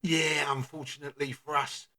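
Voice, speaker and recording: A man voicing a sheepish male football manager in an animated comedy, mumbling hesitant excuses. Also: a little high, normal speed, voice pushed down.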